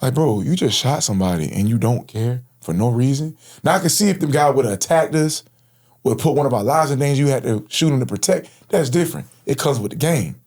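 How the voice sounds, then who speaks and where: A man in his thirties from Florida tells his own story as an interview guest. He speaks casually and earnestly, dropping "bro" into his sentences, in an ordinary mid-pitched voice. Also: animated, a little fast, darkish tone.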